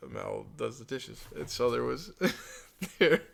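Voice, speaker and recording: A man with a gravelly, creaky voice, telling animated stories in a casual podcast chat. His pitch is middling, and his talk is loose and peppered with swearing. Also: slow pace. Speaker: podcast co-host.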